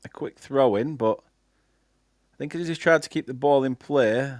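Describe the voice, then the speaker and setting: A man's voice: medium pitch, moderate pace, darkish tone, dry recording, studio quality. A young man from England with a Lancashire accent, hosting a live football watchalong, calling the play and chatting with viewers. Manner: chatty, reads out viewer comments between play-by-play. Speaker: fan channel host doing live match commentary. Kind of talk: casual live watchalong commentary.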